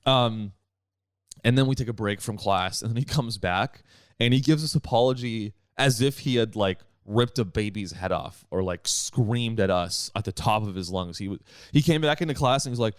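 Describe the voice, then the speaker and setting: A man's voice: on the low side, moderate pace, clear, resonant tone, dry recording, clean studio sound. A young man hosting a solo comedy podcast, ranting in a rambling, profane way with many restarts. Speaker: podcast host.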